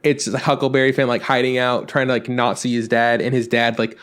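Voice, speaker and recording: Animated, cursing male podcast host. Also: medium pitch, brisk, clean tone. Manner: animated storyteller, swears freely. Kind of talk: casual chat.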